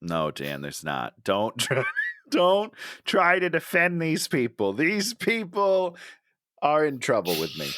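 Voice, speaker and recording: A man's voice: fairly high pitch, huge pitch swings, takes it slowly, a bit bright. A man co-hosting a podcast in casual chat, blunt and wry, laughing often. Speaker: podcast co-host.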